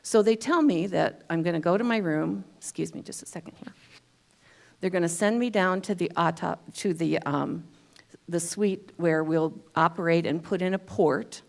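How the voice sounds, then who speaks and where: A woman's voice: on the low side, moderate pace, vocal fry. A woman giving a talk at a spiritual center, telling a personal story in a chatty way with self-deprecating humor. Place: church hall.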